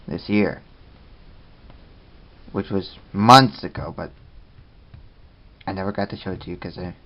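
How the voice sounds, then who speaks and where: A man hosting a casual toy review vlog, talking in a rambling, halting way. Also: low voice, muffled recording, a little hiss or hum.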